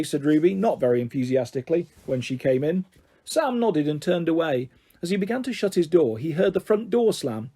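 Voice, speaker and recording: A male storyteller with a husky voice reading a children's book aloud. His pitch sits a little high and moves a lot, giving the narration a lively, expressive lilt. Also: fairly quick. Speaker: audiobook reader.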